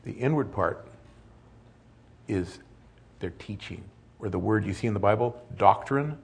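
A man's voice: lowish voice, animated, measured pace, creaky, husky. An older man preaching a sermon as pastor, conversational with joking asides.

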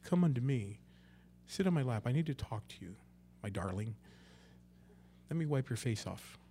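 Male preacher doing a hushed, doting father figure, sugary baby talk, slightly lower than his own voice. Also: expressive, normal speed, a little hiss or hum, close to an everyday voice. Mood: cooing. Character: mock doting heavenly father, cooing and tender.

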